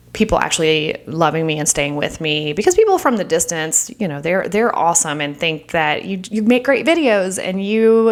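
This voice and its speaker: A middle-aged woman hosting a podcast, talking earnestly and openly in a rambling personal monologue full of "like"s. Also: on the low side. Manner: earnest and open, rambling with many "like"s. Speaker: podcast host.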